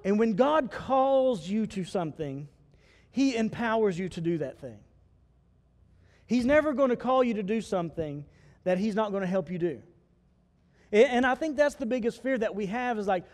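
A man preaching a sermon as pastor, animated and acting out the voices of the people he quotes. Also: high-pitched, moderate pace, long reverb tail. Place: church sanctuary.

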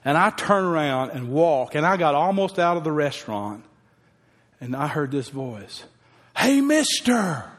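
Preacher guy telling a story from the pulpit, kinda high voice, heartfelt, reverby church hall. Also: lively intonation, normal speed, a bit bright. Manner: folksy, heartfelt storytelling, emotional at times. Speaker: pastor. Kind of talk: sermon with personal story.

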